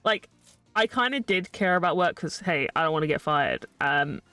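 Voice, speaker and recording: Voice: mid-range voice, expressive, moderate pace, sharp tone, no room sound, distant mic, faint music behind. A young adult streamer chatting casually and ranting sarcastically while building, laughing often.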